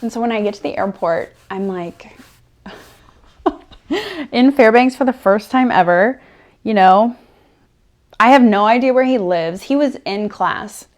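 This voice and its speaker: A woman's voice: on the high side, a little slow, long pauses. Chatty young woman, ASMR storytelling. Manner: rambling, chatty, filler-heavy, swinging between soft and animated. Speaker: ASMR creator. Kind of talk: ASMR storytelling with personal-attention role-play.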